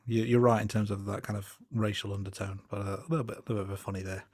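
A man co-hosts a casual film review podcast, his voice a little low and sitting dry and close to the mic. He muses in a thoughtful, unhurried way, stopping often on small fillers. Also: dry recording. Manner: relaxed, thoughtful, hesitant with fillers. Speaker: podcast co-host.

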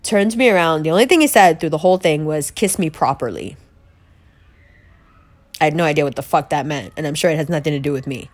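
A woman's voice: low-pitched, racing, hardly any pauses. A woman candidly telling a personal story, chatty, with lots of "like" and acted-out quotes of herself. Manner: chatty, peppered with "like", quoting herself.

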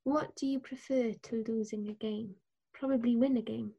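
A woman talks through a casual language lesson in a slightly breathy, husky voice that sits a little high. She is patient and encouraging, slowing down to model each word clearly. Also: steady tone, mellow, lo-fi sound. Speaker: Welsh language teacher.

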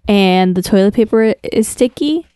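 Mellow-voiced woman, relaxed chat. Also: mid-range voice, normal speed, clear, resonant tone, no room sound, studio quality. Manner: relaxed, with frequent short agreeing replies. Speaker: podcast co-host. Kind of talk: casual chat.

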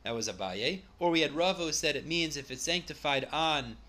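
Teaching Talmud, a man reads Aramaic phrases aloud and renders each in plain English, working through the material step by step. His voice is fairly high, bright, forceful, and animated, a little fast, and his conversational explanations include small self-corrections.

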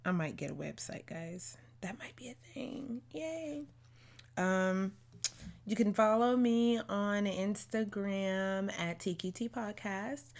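A woman hosts her own podcast, talking casually and bluntly on her own in slangy, outspoken speech. Her voice sits a little low and has a gravelly fry to it. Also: darkish tone. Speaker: podcast host. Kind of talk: casual solo podcast monologue.

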